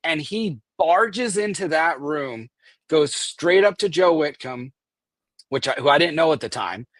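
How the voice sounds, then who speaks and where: A man recounting a wild scene in lively, swearing storytelling, jumping into other people's voices as he goes. His voice sits a bit high for a man. The sound is close and dry, with no room around it. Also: measured pace, no echo. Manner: animated, acts out quoted voices, swears. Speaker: guest recounting an event. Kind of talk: casual storytelling.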